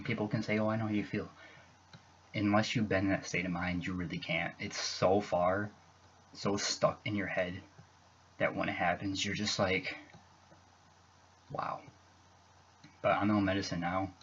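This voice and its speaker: A young man talking earnestly in an emotional personal vlog, rambling and halting with many restarts, heard on a dull lo-fi recording with faint hiss. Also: low voice, fairly bright tone. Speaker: YouTuber.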